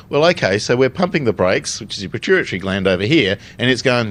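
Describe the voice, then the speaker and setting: A man's voice: mid-range voice, lively intonation, quick pace, hardly any pauses, fairly bright tone. A young Australian man on a panel, speaking frankly and plainly, with some casual swearing. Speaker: panelist with lived experience. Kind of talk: candid panel talk.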